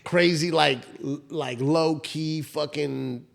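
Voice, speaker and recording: A man in his thirties co-hosting a podcast, retelling a story in a rambling, animated way with lots of restarts and swearing. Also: a little high, takes it slowly, gravelly. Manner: rambling, animated retelling with many "I was like" asides; frequent restarts and profanity. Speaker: podcast co-host. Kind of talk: casual storytelling chat.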